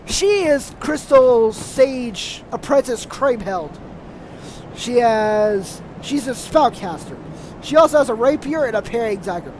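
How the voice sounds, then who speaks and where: A man commentating his own gameplay, cursing often and yelling at enemies in frustration. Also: very high-pitched, expressive, a little slow, background noise. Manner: frustrated, swearing, yells at enemies. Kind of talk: let's play commentary.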